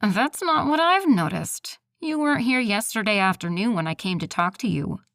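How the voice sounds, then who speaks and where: A woman voicing a snide, nagging male coworker with a nasal voice and a condescending, drawn-out way of taunting. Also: mid-range voice, animated, fairly bright tone, no room sound, clean studio sound.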